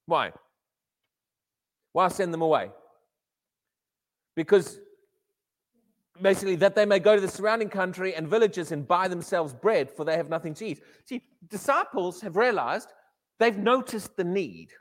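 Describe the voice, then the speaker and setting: A man preaching a sermon in an animated way, often repeating his words and acting out quotes. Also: sits high, normal speed. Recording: echoey hall reverb.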